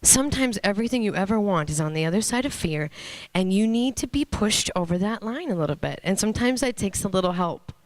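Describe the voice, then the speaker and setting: A woman in her thirties giving an earnest, storytelling motivational talk on stage, pausing for emphasis. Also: mid-range voice, expressive, no echo. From Minnesota, USA. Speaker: motivational speaker. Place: stage before an audience.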